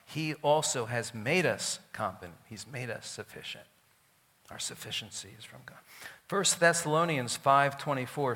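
Bright-voiced preaching man in a reverberant hall. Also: medium pitch, lively intonation, normal speed. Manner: emphatic, swings from loud declarations to quiet asides. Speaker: pastor. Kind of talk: sermon.

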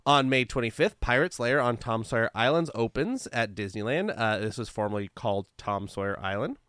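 A man co-hosts a casual podcast, reading out a run of dates and events with a self-mocking laugh. His voice is smooth and resonant. The sound is dry and close, with no room around it. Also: mid-range voice, fairly quick, fairly bright tone, no echo. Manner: laughs at himself, reads lists of dates and events. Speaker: podcast co-host.

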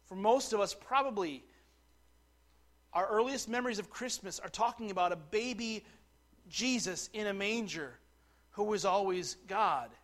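A man preaching a sermon, dropping to quiet asides and rising to loud, slowed declarations. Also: high-pitched. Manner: slows right down to stress key words. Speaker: pastor.

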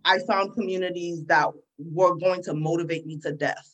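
A woman's voice: lowish voice, fairly even intonation, moderate pace, poor audio. A woman guesting on an interview podcast, speaking in a reflective, encouraging way about her work. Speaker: guest entrepreneur.

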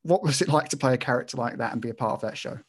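Interview host, quick eager delivery, mid pitch. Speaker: podcast host. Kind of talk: casual interview.

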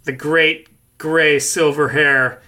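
Man, podcast chat, sharp bright tone, hesitant, stumbling. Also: a little high, little pitch movement, slow. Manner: hesitant, stumbling over words. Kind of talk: casual chat.

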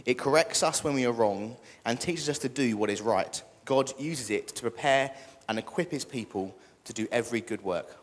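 A man's voice: medium pitch, moderate pace, few pauses. A young British man preaching a casual sermon and joking with the congregation. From Britain. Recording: echoey church hall.

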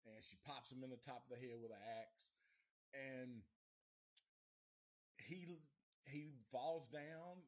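Husky, foul-mouthed man. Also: medium pitch, slow, long pauses. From Nashville area, USA. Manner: profane, rambling plot retelling. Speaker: movie reviewer, live show host. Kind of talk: casual live movie review.

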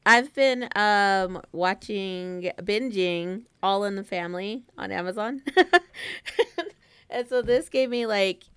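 A woman's voice: mid-range voice, slow pace, a bit bright, clear, resonant tone, no room sound. A woman co-hosting a podcast, chatty and giggly, filling her talk with "like". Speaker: podcast co-host. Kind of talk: casual chat.

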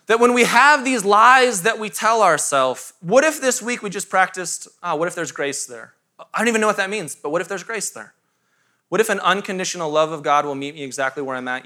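A man's voice: high voice, sharp tone. A man in his thirties, a pastor, preaching a sermon to a live congregation in a conversational, self-mocking way with asides to the room.

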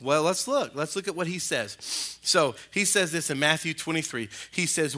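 A male pastor preaching a sermon in a church, animated and colloquial, rising and falling in pitch and loudness. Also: moderate pace, hardly any pauses. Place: church sanctuary.

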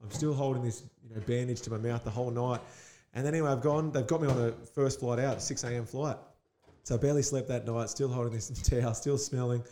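A man's voice: medium pitch, fairly even intonation, fast talker, dark tone, a little hiss or hum. A man, a basketball player guest telling stories in casual chat, laughing often.

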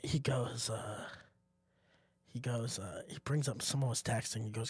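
A man's voice: mid-range voice, measured pace, husky, dry recording. A young man co-hosting a podcast, casually telling a story and acting out the people in it with swings in voice and a lot of swearing. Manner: animated storyteller, acts out quotes in shifting voices, swears. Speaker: podcast co-host.

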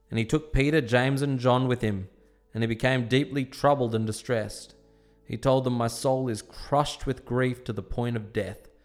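Male scripture reader, measured storytelling delivery, faint instrumental music underneath. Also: mid-range voice. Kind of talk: dramatized scripture reading.

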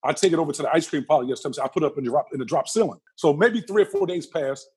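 A man being interviewed, telling a personal story with lively energy and acting out the other people's lines. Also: a little high, very fast, breathy edge. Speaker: interview guest.

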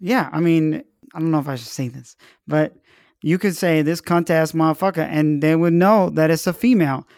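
A man's voice: a little high, moderate pace, gravelly, a little mellow, dry recording, clean studio sound. A man being interviewed, answering in a playful, candid and cheerfully profane way. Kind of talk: casual street interview.

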